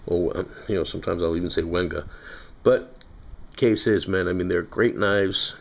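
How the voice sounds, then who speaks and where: Casual New York guy, lower pitch, rambling product-review talk, muffled lo-fi sound. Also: fairly even intonation, moderate pace, vocal fry. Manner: rambling, chatty, self-correcting. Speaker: knife collector reviewing knives.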